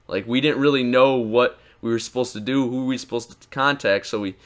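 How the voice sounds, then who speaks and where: A teenage boy telling an excited, rambling story about his experience, full of restarts and quoted dialogue. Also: mid-range voice, fairly quick. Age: teens. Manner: excited, rambling retelling with many likes and restarts. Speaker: YouTuber. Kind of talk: casual storytelling vlog.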